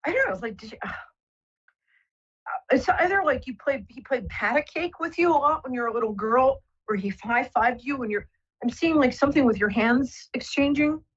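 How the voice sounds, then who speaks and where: A woman's voice: high-pitched, expressive, fairly quick, slightly rough, highs cut off. A woman hosting a live psychic call-in show, talking soothingly and rambling with many fillers. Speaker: psychic radio host.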